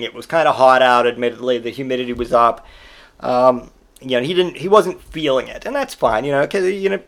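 A man's voice: mid-range voice, creaky. Rambling man telling crude stories. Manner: rambling, crude and jokey, with many fillers. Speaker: father telling anecdotes. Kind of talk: casual storytelling monologue.

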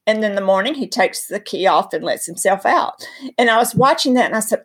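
Breathy Southern woman teaching faith. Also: medium pitch, animated, a little fast. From North Carolina. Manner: storytelling, emphatic, preacherly. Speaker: guest speaker. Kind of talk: earnest faith teaching in conversation.

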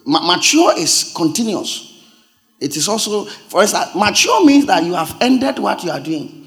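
A man, a pastor, preaching a sermon, explaining points like a teacher and asking again and again if he is understood, then rising into loud, emphatic preaching. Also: high voice, sing-song, normal speed. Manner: teacherly, checks understanding with repeated questions.

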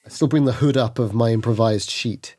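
Halting man narrating his character in first person. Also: medium pitch, dark tone. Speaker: player.

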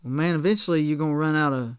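Preaching conversationally, a high-voiced pastor with a clear, resonant tone keeps restarting phrases and tossing quick asides to check in with the room. It's recorded close and dry, without any room echo.

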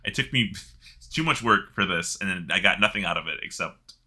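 A man's voice: sits low, brisk. A man chatting casually about a video game, telling stories with swearing and laughter. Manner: animated, swearing, laughing storyteller. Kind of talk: casual gaming chat.

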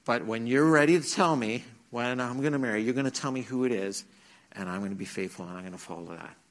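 This middle-aged man talks fast in a medium-pitched voice while giving a sermon testimony to teens at church. Earnest and story-driven, he recounts his own experience and performs the quoted lines.

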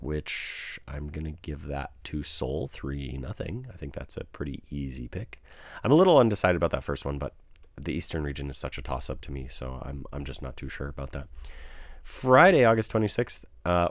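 Deep-voiced man giving casual esports picks. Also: no room sound, studio quality. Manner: conversational, thinks aloud, changes picks mid-sentence. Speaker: esports commentator. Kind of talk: casual esports predictions talk.

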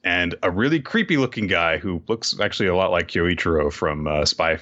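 A man's voice: low-pitched, animated, a little fast, sharp tone, dull audio. A man co-hosting a casual chat, animatedly retelling a story and acting out the quotes. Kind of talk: casual chat recapping a show.

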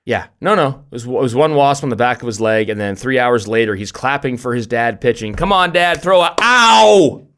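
A middle-aged man co-hosting a podcast, telling stories in an animated way with lots of restarts and laughs. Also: mid-range voice, a little fast, hardly any pauses. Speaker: podcast co-host. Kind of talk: casual chat.

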